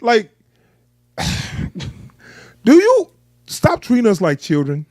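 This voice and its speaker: A man hosting a casual trailer reaction chat, laughing often, swearing and animated. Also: very high voice, takes it slowly, dry recording, clean studio sound. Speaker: host.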